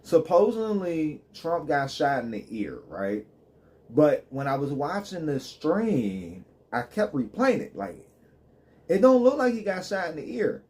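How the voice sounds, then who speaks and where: Mellow-voiced man ranting with slang. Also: on the high side, wildly swooping pitch, a little slow. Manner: loose, joking, street slang. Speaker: live streamer. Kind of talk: casual profane rant.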